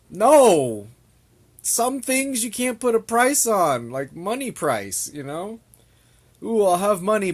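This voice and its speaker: High-voiced man ranting slowly. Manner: exasperated, ranting, repeats himself. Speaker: vlogger. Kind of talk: rambling rant to camera.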